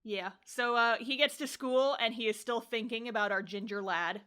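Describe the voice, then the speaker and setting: A young woman co-hosting a podcast, casually recapping an anime episode with animated storytelling, acting out characters' lines, laughing and swearing. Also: a little high, moderate pace, clean tone. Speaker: podcast co-host reviewing anime.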